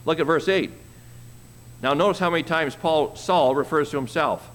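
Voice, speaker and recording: A man preaching a sermon, reading scripture slowly and commenting on it with an easy chuckle. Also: a little high, fairly bright tone, big-room sound, a little hiss or hum. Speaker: pastor.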